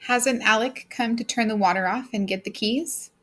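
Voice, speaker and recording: A woman's voice: a little high, normal speed, a bit bright. A woman voicing an anxious wife who pleads with her husband in a raised, distressed voice.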